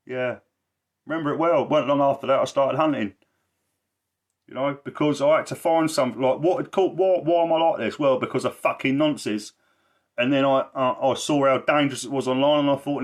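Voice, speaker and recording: A man's voice: mid-range voice, fairly quick. A man talking in a blunt, rambling way on a casual livestream, swearing a lot and repeating himself for emphasis. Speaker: livestreamer and social care campaigner.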